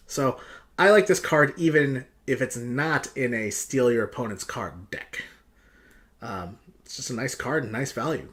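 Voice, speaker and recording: A man's voice: medium pitch, a bit bright. A man reviewing game cards in a casual, profane, ranting style.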